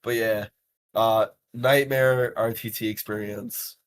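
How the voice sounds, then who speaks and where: Young guy podcasting, kinda low voice, swears a lot, loose and animated, faint rumble behind. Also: slow. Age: young adult. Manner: animated, swears freely, lots of fillers. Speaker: podcast host. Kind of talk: casual podcast storytelling.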